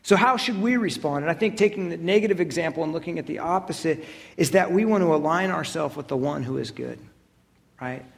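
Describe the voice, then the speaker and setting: A man's voice: on the high side, brisk, creaky. A man in his thirties, a pastor giving a conversational sermon, self-deprecating and often checking in with "right?".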